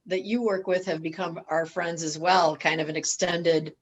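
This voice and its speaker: Lowish-voiced woman on a panel, thoughtful, lots of um and you know. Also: fairly even intonation, moderate pace. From Chicago. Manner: warm, reflective, many fillers. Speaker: business owner, panelist. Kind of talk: panel discussion.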